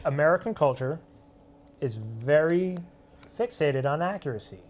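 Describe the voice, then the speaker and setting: A young man with a slightly higher voice chats casually outdoors at a snowy shooting range. He rambles, breaks off mid-sentence and laughs between thoughts. He sounds like one of the show's hosts. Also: animated, moderate pace, a little mellow, lo-fi sound, slight background noise. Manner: rambling, self-interrupting, laughing. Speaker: co-host. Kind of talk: casual chat.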